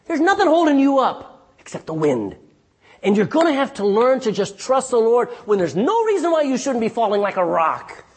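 A middle-aged male pastor preaches a sermon with lively storytelling and restarts, calling out "Amen?" to his congregation. His voice is very high and husky, at a moderate pace.

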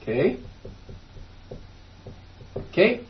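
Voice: extremely slow, slight background noise. A Bible study teacher leading a class, reading verses aloud, explaining them and quizzing the students as they go. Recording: distant, dull lo-fi room recording.

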